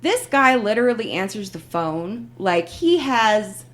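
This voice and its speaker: Woman host, casual chat, lively pitch, acts out the quoted lines. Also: measured pace. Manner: animated storyteller, acts out quoted phone reps. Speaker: podcast host.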